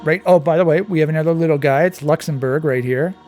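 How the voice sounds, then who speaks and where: A man's voice: fairly high pitch, quick pace, a little mellow, soft background music. Chatty man thinking aloud. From Canada. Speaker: quiz channel host. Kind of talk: casual commentary while playing a map quiz.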